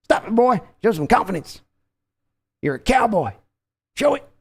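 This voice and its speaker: A man's voice: sits high, sing-song, normal speed, vocal fry, slightly rough, voice pushed up, heavily acted. A man doing an impression of a bossy, blustering older team owner who talks down to everyone.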